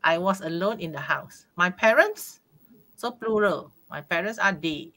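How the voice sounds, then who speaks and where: Malaysian English woman, tutor, bright and animated, patient grammar explainer. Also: on the low side, measured pace. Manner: encouraging, explains grammar step by step. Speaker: English teacher. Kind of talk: live online tutoring lesson.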